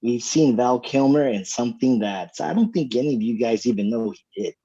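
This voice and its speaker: A man with a mellow, slightly husky voice tells a relaxed story on a podcast. He drops "dude" into almost every sentence. The sound is dull and lo-fi. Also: mid-range voice, fairly quick. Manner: laid-back, says "dude" a lot. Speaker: podcast co-host. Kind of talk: casual storytelling chat.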